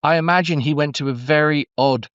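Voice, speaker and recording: A middle-aged man, a storyteller talking as a guest in a relaxed interview, meandering and effusive with many restarts. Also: fairly high pitch, brisk, clean tone, no echo, lo-fi sound. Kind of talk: conversational interview.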